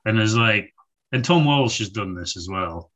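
A man's voice: lowish voice, animated, normal speed, crowd noise. A man from England chatting about football on a podcast, rambling with lots of fillers and casual swearing.

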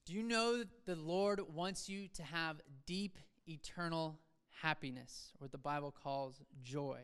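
Conversational pastor with a smooth voice. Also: male voice, a little high. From Seattle area, USA. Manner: conversational preaching, self-deprecating asides, quick swings from soft to emphatic. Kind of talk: sermon. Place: church sanctuary.

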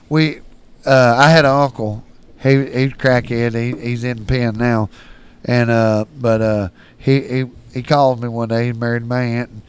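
A middle-aged man, telling profane, animated stories on a casual podcast and getting loud when quoting people. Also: medium pitch, smooth. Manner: profane, animated, swings loud for quoted lines. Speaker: storyteller guest.

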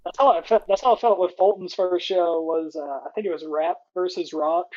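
A laid-back podcast host chats casually and laughs easily. The sound is dull and lo-fi, with a middle pitch. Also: steady tone, fairly quick, darkish tone. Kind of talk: casual chat.

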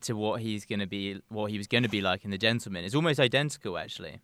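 Bright-voiced man, dry close sound. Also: on the low side, fast, no echo. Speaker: podcast co-host. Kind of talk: casual chat.

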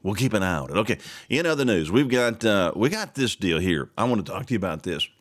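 A man's voice: on the low side, big pitch swings, quick pace. A man hosting a casual morning talk show, reading news items aloud and rambling through his own asides with the odd chuckle.

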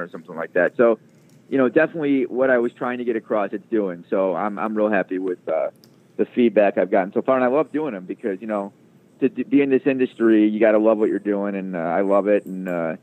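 A man's voice: fairly low pitch, quick pace. A man guest telling a long story in a casual interview, rambling with many fillers and restarts. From Chicago area. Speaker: guest, sports radio producer. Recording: tinny phone-like line.

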